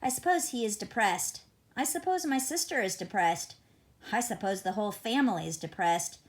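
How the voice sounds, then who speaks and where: Woman narrating a novel, slightly high voice. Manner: conversational, wry, reflective reading. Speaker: audiobook reader. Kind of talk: first-person novel narration.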